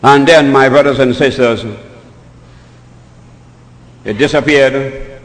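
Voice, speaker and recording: A man preaching a sermon, telling a story dramatically, acting out the voices and rising to shouts. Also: medium pitch, fairly even intonation, slow, big-room sound, poor audio.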